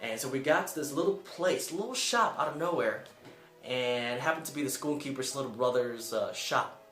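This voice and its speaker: A young man who served as a Peace Corps volunteer tells a personal story to camera in an earnest, emotional way, jumping up in pitch to act out the people he quotes. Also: expressive, moderate pace, fairly bright tone, reverberant, faint music behind.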